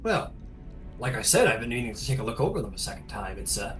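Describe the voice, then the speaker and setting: A game master voicing a big, easygoing male goliath who explains himself in a relaxed, rambling way. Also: medium pitch, quick pace, soft background music. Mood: chatty.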